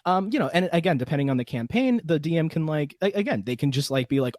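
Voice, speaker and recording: A man's voice: a little high, lively intonation, quick pace, few pauses, darkish tone, no room sound, clean studio sound. A man who runs tabletop games, chatting casually as a podcast guest. He laughs often and stumbles through restarts. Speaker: guest Dungeon Master.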